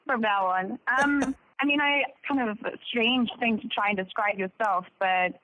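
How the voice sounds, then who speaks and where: A woman's voice: on the high side, normal speed, phone-quality sound. A woman actor being interviewed, bubbly and self-deprecating, laughing as she talks. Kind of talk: casual interview chat.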